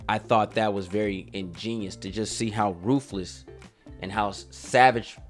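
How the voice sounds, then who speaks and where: A man's voice: fairly low pitch, steady tone, moderate pace, faint music behind. A man hosting a casual reaction show, hyped and playful at the start, then reflective, with many restarts. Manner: loud playful hype with sound effects, then reflective. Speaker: reaction channel host.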